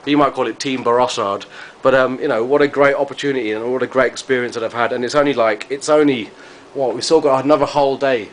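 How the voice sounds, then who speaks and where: A man's voice: mid-range voice, fairly bright tone. Brief: man, vlogger, loose and gushing, circles back on his own sentences, faint background noise. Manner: rambling, effusive, repeats himself. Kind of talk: casual chat to camera.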